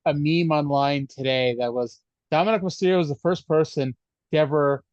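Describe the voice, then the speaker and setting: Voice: medium pitch, normal speed, a little mellow, no room sound, lo-fi sound. A podcast co-host in casual chat, speaking dryly and hesitantly with many fillers. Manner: dry, hesitant, lots of fillers.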